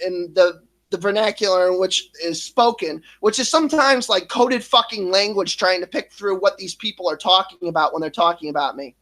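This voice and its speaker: A man in his thirties telling a painful personal story, swearing often, halting and restarting as he gets emotional. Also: high voice, fairly bright tone. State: emotional, near tears at times. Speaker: streamer.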